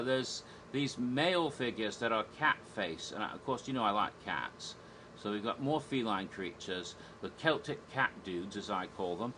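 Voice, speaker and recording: A man's voice: on the low side, a bit bright, slight background noise, rough recording. A man giving a casual spoken review, chatty and rambling, with restarts and little chuckles. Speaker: theme park reviewer.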